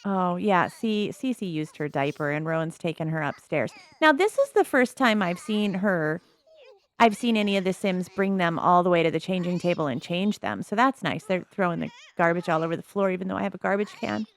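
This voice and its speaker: A woman's voice: lowish voice, lively intonation, a little fast. A woman giving casual, amused commentary on her life-sim game as a video host. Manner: chatty, amused, narrates the characters' thoughts.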